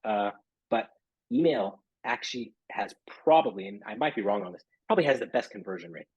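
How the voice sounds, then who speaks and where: A man's voice: lowish voice, animated, a little fast, a little mellow, husky, dry recording, lo-fi sound. A man talking casually as a guest in an interview, rambling and filling his talk with "you know" and "right?". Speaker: podcast guest, SEO marketer.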